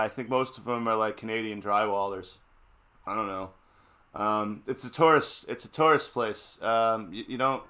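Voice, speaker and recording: A man's voice: on the low side, bright, forceful tone. A man in a casual political chat, ranting and swearing, mocking the people around him. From New England. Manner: ranting, profane, mocking voices. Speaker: stream co-host.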